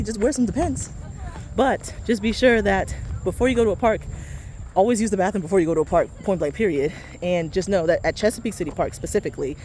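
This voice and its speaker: A woman's voice: medium pitch, warm tone, slight background noise. Breathless woman joking through a park tour. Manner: chatty, joking, talks straight to viewers. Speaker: vlogger giving a park tour. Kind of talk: casual walking-tour chat. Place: outdoor city park, walking. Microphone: faulty mic.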